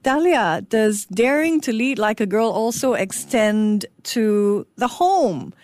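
A woman's voice: on the high side, lively intonation, takes it slowly, a little mellow, no echo. A woman interviewer asking questions and offering brief, encouraging affirmations.

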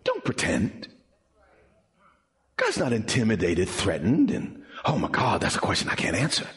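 A man preaching a sermon as pastor, in a dramatic style that drops low and quiet and then rises high and pleading. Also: huge pitch swings, normal speed.

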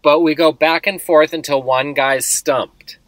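A man with a bright, forceful voice that sits a little high for a man, joking in casual podcast banter. The sound is close and dry, with no room in it. He takes his time spelling out the rules of a game. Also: steady tone, measured pace, no echo. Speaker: podcast co-host. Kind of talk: casual chat.

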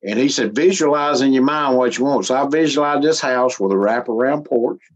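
A man's voice: medium pitch, fairly quick. A middle-aged man, telling a story in casual, folksy talk, chuckling often and sometimes close to tears. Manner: folksy, chuckling, gets emotional. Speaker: interviewee. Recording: slightly muffled recording.

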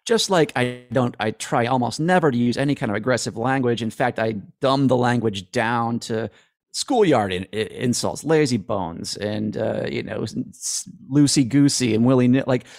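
A man's voice: medium pitch, normal speed, no echo, clean studio sound. A man answering interview questions in a rambling, self-deprecating way, often restarting his sentences. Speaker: guest.

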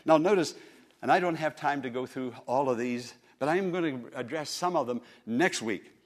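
A man's voice: a little high, a bit bright. A man preaching a sermon to a congregation, with impassioned swings in volume and repeated words. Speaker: pastor. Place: church service.

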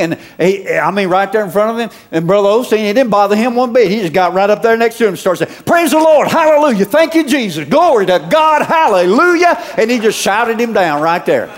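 High-voiced preaching man. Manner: preachy, calls out to the congregation with rising shouts. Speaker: pastor. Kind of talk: sermon.

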